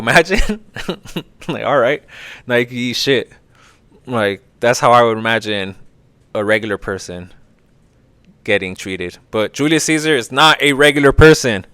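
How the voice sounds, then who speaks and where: A man's voice: mid-range voice, fairly bright tone, clear, resonant tone, dry recording. A man hosting a podcast, casually retelling a story in a rambling, profane way. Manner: profane, rambling, lots of filler. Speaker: podcast host.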